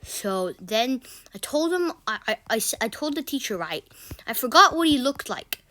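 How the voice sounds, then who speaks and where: High-voiced woman rambling through stories. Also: big pitch swings, normal speed, sharp tone. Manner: rambling, stammering restarts, exasperated asides. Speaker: gaming channel vlogger. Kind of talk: casual storytelling vlog.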